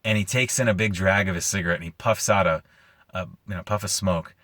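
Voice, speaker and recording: A man's voice: low voice, a little fast, fairly bright tone, no echo, studio quality. A man hosting his own show, retelling a story casually and with animation, using lots of "like" fillers. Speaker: host.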